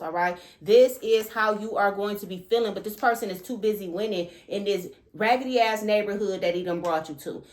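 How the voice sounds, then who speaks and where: A woman's voice: mid-range voice, moderate pace, hardly any pauses, roomy sound. A woman doing a casual tarot reading, emphatic and repetitive, checking in with "okay?" and "all right?" after each point. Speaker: tarot reader.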